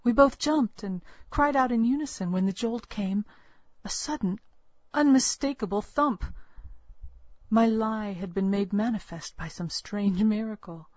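A woman narrating a first-person story with a measured, earnest storytelling manner. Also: medium pitch, a little mellow, dry recording. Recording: dull, lo-fi, dry recording.

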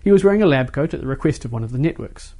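A man narrates a short story at a steady, measured pace. His voice sits in a middle pitch, and he tells the story plainly and evenly.

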